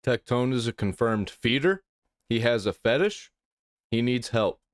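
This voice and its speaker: A man's voice: mid-range voice, expressive, a little slow, no echo, studio quality, soft background music. A man hosting a show, giving casual mocking commentary on clips. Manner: mocking, offhand remarks. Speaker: host.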